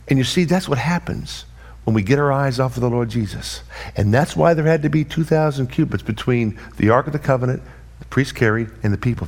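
A man preaching a sermon, teaching from scripture and acting out the disciples' cries with dramatic swings in his voice. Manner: animated, acts out the disciples' voices with big pitch swings.

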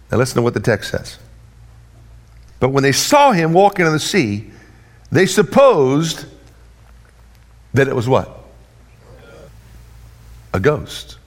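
A man preaching a sermon, teaching from scripture and acting out the disciples' cries with dramatic swings in his voice. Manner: animated, acts out the disciples' voices with big pitch swings.

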